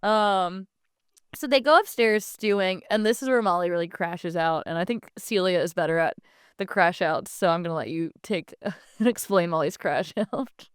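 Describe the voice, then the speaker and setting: Woman podcast co-host, wry storyteller, crisp clean voice. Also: fairly low pitch, normal speed, no room sound, clean studio sound. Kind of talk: casual chat, plot retelling.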